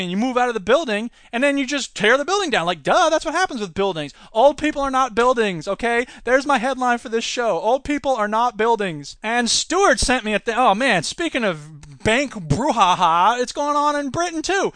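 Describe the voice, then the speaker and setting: Bright-voiced ranting male podcaster. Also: extremely high pitch, sing-song, moderate pace, hardly any pauses, no room sound. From United States. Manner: sarcastic, ranting, mocks with put-on voices. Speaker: podcast host. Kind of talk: opinionated solo commentary.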